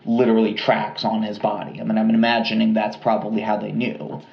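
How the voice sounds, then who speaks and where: A man co-hosting a podcast, telling a true-crime story in a casual, relaxed way with lots of fillers and asides. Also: lowish voice, a little fast, gravelly, reverberant, highs cut off. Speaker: podcast co-host.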